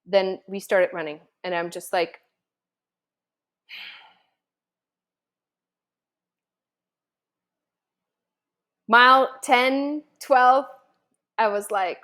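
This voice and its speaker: Woman vlogger, chatty and animated, mid-pitched, acts out her own inner voice. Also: slow pace, pauses often. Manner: animated, many fillers, acts out her own past thoughts. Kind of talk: casual storytelling to camera.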